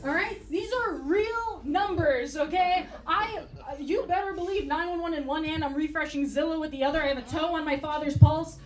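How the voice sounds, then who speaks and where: A woman doing a stand-up comedy set with a dry, blunt, profane deadpan delivery. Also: high voice, moderate pace, hardly any pauses. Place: comedy club stage. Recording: roomy club sound from far off. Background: audience laughter.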